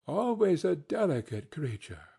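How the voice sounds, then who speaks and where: A gentle, solemn spirit from a storybook reading speaks in a low, measured way, as a man puts it on. The voice is slightly husky, and the pace is unhurried. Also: very animated, heavily acted. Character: gentle solemn ghost of Christmas Past, spirit.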